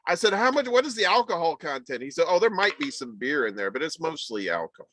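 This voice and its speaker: A man's voice: on the high side, fast talker, very noisy. A man bantering and telling stories in a casual group chat. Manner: lively, bantering storyteller.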